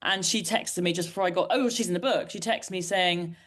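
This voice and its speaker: Woman, 40s, from Britain, interview guest, candid, self-deprecating, rambling, slightly low pitch. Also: brisk. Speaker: author guest. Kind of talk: candid conversational storytelling.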